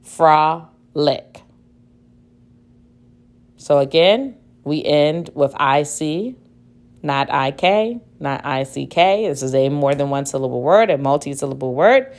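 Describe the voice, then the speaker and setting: A woman teacher giving a spelling dictation lesson, speaking deliberately, repeating each word and spelling it out letter by letter. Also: low voice, lively intonation, darkish tone.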